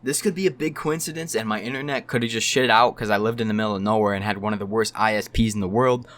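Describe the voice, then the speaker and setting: A man's voice: on the low side, fast talker. A young man telling a casual storytime, rambling and swearing freely. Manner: profane, rambling and animated. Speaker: storytime YouTuber.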